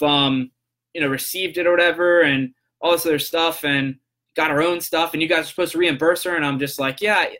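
A man's voice: on the high side, bright, forceful tone. A young man hosting a podcast, casually telling a story and acting out both sides of a phone call. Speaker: podcast host.

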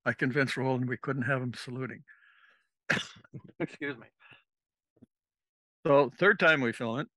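A former navy officer, a man, spins a rambling anecdote as a podcast guest and slips into the voices of the people he quotes. His voice is bright and forceful. It sits close and dry, with no room around it. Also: mid-range voice, a little slow, long pauses, no room sound. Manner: rambling, acts out quoted dialogue. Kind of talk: casual anecdotal storytelling.

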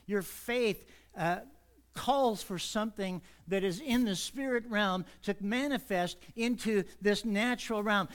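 A man preaching an earnest sermon in church, speeding up when he gets excited. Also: very high-pitched. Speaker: pastor.

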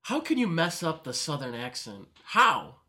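A man co-hosting a casual podcast chat, emphatic and quick with incredulous questions. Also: on the high side, huge pitch swings, bright, forceful tone. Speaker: podcast co-host.

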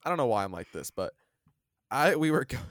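A young man telling a story in a casual podcast chat, rambling and animated with lots of fillers, in a dry close recording. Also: mid-range voice, a little fast, dry recording. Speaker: podcast co-host.

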